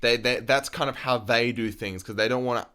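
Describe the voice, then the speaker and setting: A man's voice: mid-range voice, steady tone, a little fast, pushed and bright. A man co-hosting a podcast, chatting casually about a film in a loose, swearing way, full of restarts and laughs. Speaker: podcast co-host. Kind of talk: casual film discussion chat.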